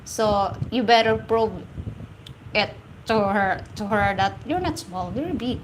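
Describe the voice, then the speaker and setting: A Filipina livestream host with a Filipino accent speaks slowly in a medium-pitched voice, reading viewer comments aloud, teasing, laughing often, and repeating her phrases in a casual stream. The recording is rough, with slight background noise.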